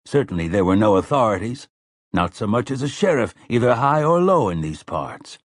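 Husky male audiobook narrator. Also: fairly low pitch, no room sound, studio quality. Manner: measured, even storytelling.

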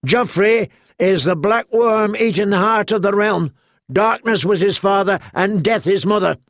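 A man shouting as a raving fanatic knight. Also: unhurried, dry recording. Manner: shouting, ranting and high-pitched.

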